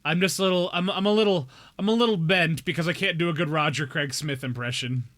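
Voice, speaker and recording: A young man streams a game and talks straight to his chat, joking and slipping into mock outrage. His voice is bright and forceful, sitting a touch high for a man. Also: quick pace. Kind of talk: casual live-stream chat while gaming.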